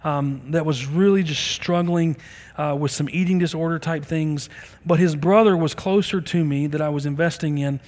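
A man preaching a sermon in a church service, telling stories with animated delivery and acting out the people in them. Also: a little high, normal speed. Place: church sanctuary during a service. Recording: long reverb of a large hall.

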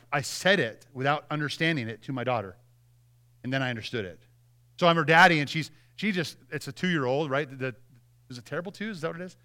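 A man's voice: fairly high pitch, bright, forceful tone. A man in his thirties preaching a sermon as pastor, earnest and conversational with frequent restarts.

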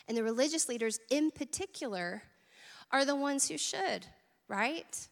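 A woman's voice: high voice, lively intonation, a little slow, vocal fry, big-room sound. A woman preaching a sermon at church, earnest and conversational, with asides to the congregation. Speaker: teaching pastor.

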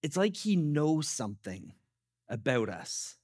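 A male pastor in his thirties delivers a sermon in a relaxed, storytelling way, poking fun at himself. His voice sits somewhat high for a man and moves through a wide, animated pitch range. The sound is dry and close, with little room around it. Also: slow, husky, no echo. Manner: conversational, self-deprecating storytelling.

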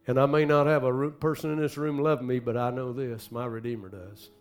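A man preaching a sermon, swinging dramatically from hushed, slow phrases to loud bursts. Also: medium pitch, little pitch movement. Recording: faint music behind.

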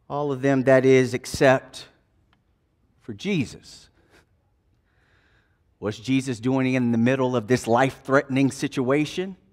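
A man preaching a sermon, retelling a gospel scene in dramatic, folksy storytelling that swings between hushed and loud passages. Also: mid-range voice, steady tone, measured pace, long pauses. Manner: casual, folksy turns of phrase.

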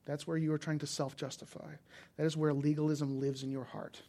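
A man's voice: on the high side, level tone, fairly quick, dark tone. A man preaching a sermon in a conversational, emphatic way, telling personal stories. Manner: conversational, emphatic, rising to intensity.

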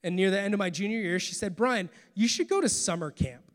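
Man, 30s, pastor, sermon storytelling, high voice, long hall reverb. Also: a little fast. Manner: storytelling, animated with acted quotes. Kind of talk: sermon testimony.

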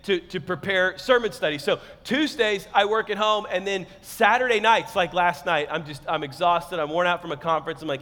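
Pastor, male, high voice, casual joking sermon delivery with shouted peaks, long hall reverb. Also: brisk, hardly any pauses. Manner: conversational and joking, bursting into loud shouted lines.

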